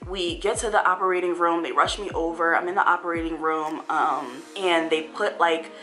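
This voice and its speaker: A young woman vlogger telling a painful personal story in a halting way, full of fillers and restarts, at times near tears. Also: fairly low pitch, fairly even intonation, fairly bright tone, soft background music. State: tearful, voice breaking.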